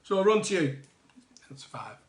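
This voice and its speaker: A man's voice: sits high, very animated, moderate pace, noisy background. A man hosting a live online quiz, reading out answers with jokey, chatty asides. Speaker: quiz host.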